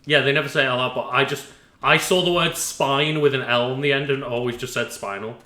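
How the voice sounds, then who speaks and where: A man playing along in a let's play, relaxed and hedging as he explains how he usually plays. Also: medium pitch, a little fast. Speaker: co-player. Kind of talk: casual gameplay commentary. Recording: echoey room.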